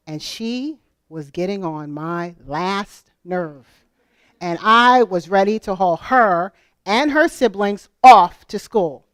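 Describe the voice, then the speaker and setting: Smooth-voiced middle-aged woman telling stories. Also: medium pitch, dry recording, clean studio sound. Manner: animated, conversational, asks the audience questions. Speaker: speaker at a homeschool convention. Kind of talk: storytelling conference talk.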